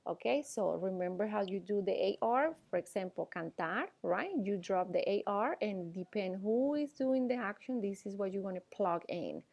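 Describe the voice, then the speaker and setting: A woman's voice: mid-range voice, animated, a little mellow, highs cut off. Patient woman teaching, checking in often. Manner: explains slowly with frequent "okay?" and "all right?" checks. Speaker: Spanish teacher. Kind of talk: classroom lecture.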